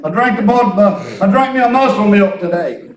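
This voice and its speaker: A man's voice: sits high, animated, fairly quick, a little hiss or hum. A middle-aged man preaching a sermon as pastor, folksy and repetitive, telling everyday stories. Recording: echoey room, distant mic.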